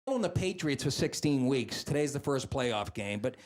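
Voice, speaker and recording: A man's voice: medium pitch, lively intonation, a little mellow. A man doing a stand-up set in a comedy club, telling brash, profane stories and acting out the people in them. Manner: brash, profane, fast storytelling with acted-out voices. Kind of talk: stand-up routine. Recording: club set with crowd laughter.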